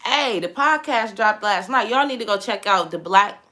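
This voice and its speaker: A young woman hosting a casual livestream chat, animated and exclamatory, talking straight to her viewers. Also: medium pitch, moderate pace. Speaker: host.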